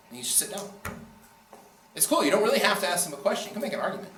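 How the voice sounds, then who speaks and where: A man's voice: sits high, sing-song, fast, a bit bright, far from the mic. Joking man lecturing in an echoey room. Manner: joking, acts out quoted speakers. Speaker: debate lecturer. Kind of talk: casual classroom lecture. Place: classroom.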